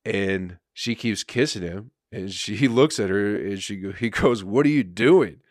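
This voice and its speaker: A man's voice: fairly low pitch, measured pace, dry recording, studio quality. A man, a comedian and podcast host, telling a rambling, profane story in casual chat with frequent laughter.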